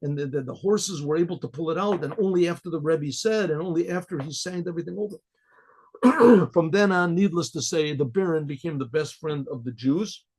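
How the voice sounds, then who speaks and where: Male rabbi storyteller, slightly high and breathy voice, halting delivery full of repeated words. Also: darkish tone, poor audio. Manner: clears throat often, stumbles and repeats words. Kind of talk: casual oral storytelling.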